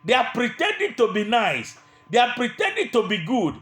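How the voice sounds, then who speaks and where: A man's voice: extremely high pitch, huge pitch swings, moderate pace, fairly bright tone, reverberant, soft background music. A man preaching a sermon, emphatic and repetitive, sometimes mimicking the people he criticizes.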